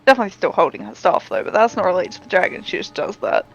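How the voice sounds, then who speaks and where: A woman's voice: on the low side, sing-song, very fast, vocal fry. A woman chatting as a player at a tabletop game, laughing often. Her mic sounds dull and lo-fi, with faint game music behind. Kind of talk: casual tabletop play.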